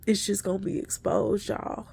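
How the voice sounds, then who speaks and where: A woman's voice: mid-range voice, little pitch movement, normal speed, creaky, a little mellow, a little hiss or hum. A woman giving an emotional, earnest spiritual encouragement talk to her listeners. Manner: earnest, preachy, addresses listeners as y'all. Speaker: inspirational speaker.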